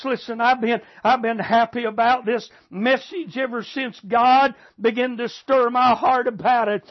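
A man's voice: very high-pitched, dry recording, muffled recording. A male preacher delivering a fervent sermon, often repeating phrases and using filler sounds.

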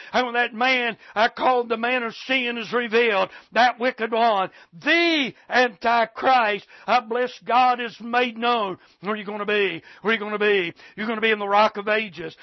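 A man's voice: extremely high pitch, no room sound, dull audio. A man preaching a sermon in a fervent revival style, with frequent exclamations of praise and direct appeals to his listeners. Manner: fervent revival preaching with many "thank God" and "I bless God" exclamations.

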